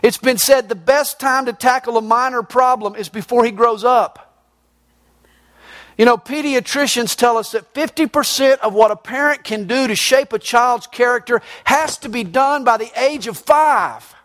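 A middle-aged man, preaching a sermon emphatically and swinging between loud and low. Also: normal speed. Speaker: pastor.

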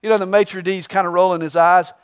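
High-voiced man preaching a sermon. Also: brisk, clean tone. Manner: preaching with humor, tells a joke with rising excitement. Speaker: pastor.

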